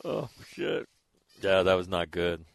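An older man hosting a casual chat, telling animated, laughing stories with crude swearing. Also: low voice, slow, gravelly, no echo. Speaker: host.

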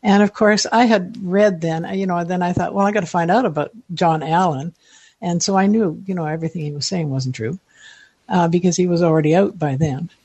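A woman's voice: fairly low pitch, fairly quick, darkish tone, slightly rough, no room sound, highs cut off. A woman in her seventies, a guest telling long rambling stories in casual interview chat, chatty and self-deprecating. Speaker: listener guest.

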